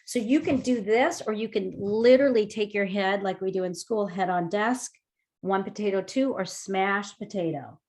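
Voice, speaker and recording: Speaking at a moderate pace in a mid-range voice, a woman hosts a mindfulness session on a video call. She walks people through breathing and movement exercises with chatty energy and lots of fillers.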